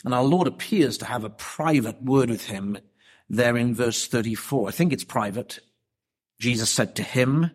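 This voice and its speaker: A man preaching an expository sermon, emphatic and deliberate, with rhetorical questions. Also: mid-range voice, lively intonation, breathy edge.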